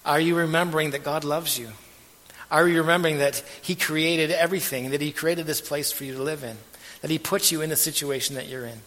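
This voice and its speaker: A man preaching a sermon as pastor, earnest and measured, letting his phrase ends trail off softly. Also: a little high, fairly even intonation. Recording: long hall reverb.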